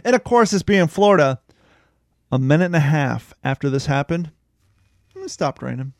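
A man's voice: fairly high pitch, animated, moderate pace, no echo, clean studio sound. A man co-hosting a casual podcast, rambling, joking and swearing, who reads a news story aloud. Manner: rambling, irreverent, swears freely. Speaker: podcast co-host.

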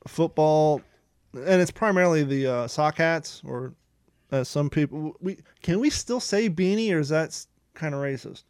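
A man's voice: a little high, moderate pace, darkish tone, clean tone, no room sound, studio quality. Rambling, profane middle-aged man. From Ohio. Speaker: podcast co-host. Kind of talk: casual chat.

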